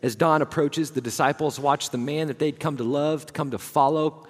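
A man preaching a sermon as dramatic storytelling, moving from hushed, somber lines to fervent, rising passages. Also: a little high, fairly even intonation, normal speed, long reverb tail. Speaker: pastor.

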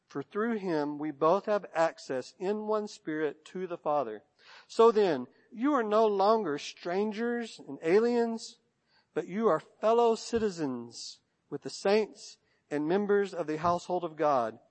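A Texan man preaching a sermon as pastor, in a rhythmic cadence with long lists and soft drops at line ends. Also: high-pitched. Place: church sanctuary. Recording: long church reverb.

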